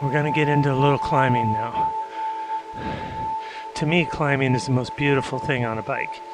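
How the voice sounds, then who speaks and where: A man leading an indoor cycling class, coaching in a calm, reflective way while out of breath from pedaling. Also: mid-range voice, normal speed, poor audio. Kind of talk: guided meditative spin class coaching. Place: indoor cycling room with windows. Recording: instructor over loud background music. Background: loud yoga music.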